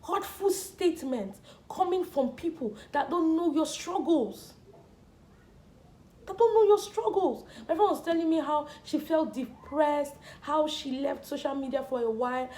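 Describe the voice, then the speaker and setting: A young woman speaks earnestly to camera, pressing her points and repeating words for emphasis. Her voice sits high. The room around her rings with echo. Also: unhurried, few pauses, darkish tone. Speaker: vlogger. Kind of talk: personal talk to camera. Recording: echoey room.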